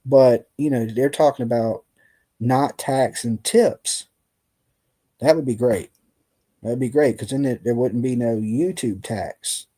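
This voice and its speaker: A man's voice: medium pitch, slow, mellow. A tired man chatting casually on a live stream in loose, colloquial talk. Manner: loose, colloquial, laughing storyteller. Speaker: livestream host.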